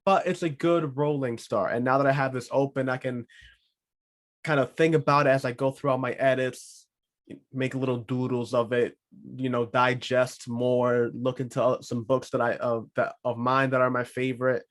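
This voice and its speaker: A man's voice: medium pitch, flat delivery, moderate pace. A man hosting a solo podcast, talking casually with rambling, joking asides. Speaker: podcast host.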